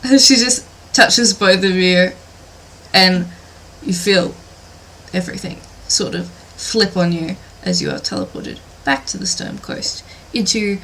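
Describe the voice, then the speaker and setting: A woman's voice: on the low side, lively intonation, a little slow, vocal fry, a bit bright, a little hiss or hum. A woman narrating a tabletop game as dungeon master, hesitant and filler-heavy.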